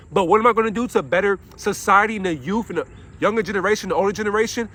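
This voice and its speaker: Impassioned young man with a high voice. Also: bright, forceful tone. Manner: preachy, asks himself questions and answers them; swears while venting. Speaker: after-school counselor. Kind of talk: impassioned monologue to camera.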